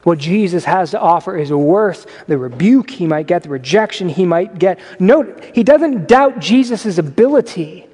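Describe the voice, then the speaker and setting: A man delivers a sermon in a loose, conversational style and breaks into lively asides. His voice sits high for a man. It rings through a church hall with a long reverb tail. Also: unhurried, hardly any pauses. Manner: conversational preaching with animated asides. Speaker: pastor. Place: church sanctuary.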